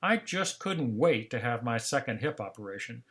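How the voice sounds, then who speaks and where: Older man giving a calm lecture. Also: medium pitch, moderate pace. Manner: calm storytelling, acting out remembered dialogue. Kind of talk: scripted seminar narration.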